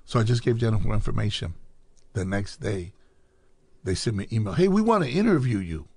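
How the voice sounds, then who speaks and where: A man's voice: fairly low pitch, animated, fairly quick, gravelly, darkish tone, breathy edge, dry recording. A man from Chicago, a podcast guest telling his life story in casual talk, acting out quoted dialogue as he goes.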